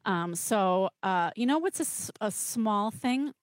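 A woman's voice: mid-range voice, animated, slow pace, dry recording. A woman in her thirties, a guest on a radio talk show, chatting enthusiastically about natural products. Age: 30s. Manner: chatty, enthusiastic, lots of fillers. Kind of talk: casual chat.

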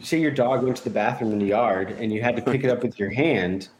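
A man's voice: mid-range voice, fast. A man appearing as a radio guest, telling news stories in an upbeat, chatty way. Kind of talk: casual radio chat. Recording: echoey room, faint hiss.

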